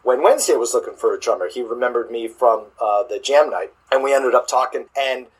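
A man, a drummer, chatting in an interview, halting with many restarts and fillers. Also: mid-range voice, slightly rough, poor audio. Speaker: guest drummer. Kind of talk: casual interview chat.

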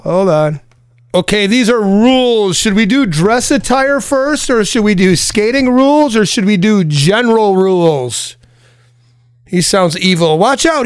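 A man's voice: high-pitched, clean tone, no echo, studio quality. A middle-aged man reading out roller rink rules in a casual, joking monologue, adding sarcastic asides. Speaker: roller skating vlogger.

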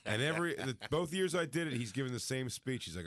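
A man's voice: medium pitch, fast talker, no echo. Man telling a comic story. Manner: animated, acts out quotes with laughter. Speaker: comedian guest. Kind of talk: casual storytelling.

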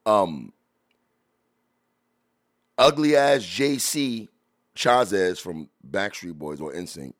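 A man hosting a podcast, reacting to old videos in blunt, profane casual chat, laughing loudly as he jokes, into a studio mic. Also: sits low, expressive, takes it slowly, long pauses. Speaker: podcast host.

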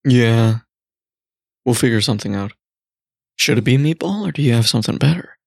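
A man co-hosting a casual podcast chat, telling rambling, profane stories and jumping to high, excited exclamations. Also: moderate pace, gravelly. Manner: profane, rambling storyteller with big excited pitch jumps.

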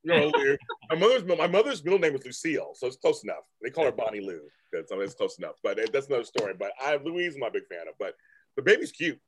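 A man co-hosting a casual podcast chat, animated and acting out lines in playful high voices. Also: fast, a little hiss or hum. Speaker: podcast co-host. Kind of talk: casual chat about a soap opera.

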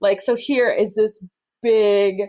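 A woman telling a story on a podcast in an animated, loud and expressive way. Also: medium pitch, takes it slowly, highs cut off. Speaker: public defender, guest.

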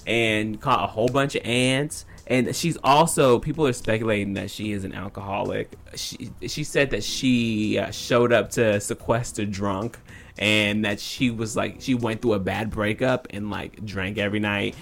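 A man co-hosting a podcast, recapping a reality show in an animated, gossipy way. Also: lowish voice, moderate pace, vocal fry. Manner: animated, gossipy storytelling with frequent laughs. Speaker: podcast co-host.

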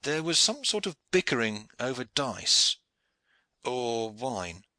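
Male reader as a grim, vengeful veteran soldier; gruff, very dry sound. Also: mid-range voice, sing-song, slow pace, bright, forceful tone, no room sound, pitched above the performer's own voice, full character voice.

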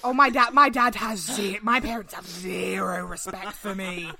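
A woman co-hosting a podcast, bawdy and loud, telling stories through bursts of laughter. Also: mid-range voice, steady tone, normal speed, gravelly, a crowd in the background. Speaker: podcast co-host. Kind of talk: casual chat.

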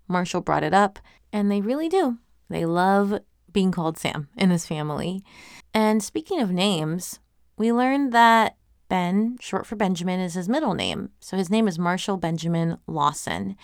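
A woman chatting casually through a recap of a webcomic episode, enthusiastic and quick to laugh. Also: fairly low pitch, clear, resonant tone, no room sound, clean studio sound.

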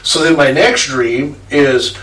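A man's voice: fairly high pitch, slow pace, a bit bright. A man telling a rambling story to a friend, laughing and swearing casually. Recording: echoey room, distant mic, faint noise.

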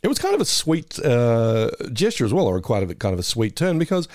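Animated middle-aged man chatting on a podcast. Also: mid-range voice, a little fast, no echo, studio quality. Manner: animated, laughs often, chatty digressions. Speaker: podcast co-host. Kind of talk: casual chat reviewing an episode.

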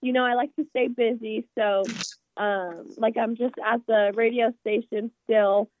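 A woman's voice: a little high, fairly even intonation, measured pace, a little hiss or hum. A young woman from Texas, calling in and chatting with fillers, her voice stuffy from allergies. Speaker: caller. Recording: dry tinny phone line.

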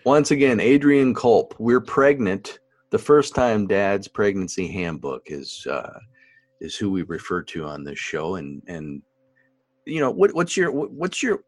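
Deep-voiced chatty man, dry sound. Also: unhurried, no room sound. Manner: chatty, animated, laughs often. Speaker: podcast co-host, expectant father. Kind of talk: casual chat.

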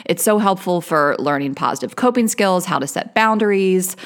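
A woman's voice: lively intonation, moderate pace. A woman reading a sponsor ad on a podcast in an upbeat, earnest tone. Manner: upbeat, earnest sales pitch. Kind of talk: host-read ad.

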